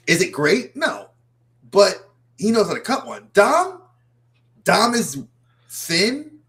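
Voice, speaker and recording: Male podcast co-host, slightly high voice, excitable and rambling, casual wrestling chat. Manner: animated, excitable, rambling lists of names.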